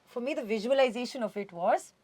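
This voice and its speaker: A woman from India being interviewed as a guest, talking in an animated, expressive way and slipping Hindi words into her English. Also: a little high, fast talker, no echo. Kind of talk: casual conversational interview. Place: radio studio.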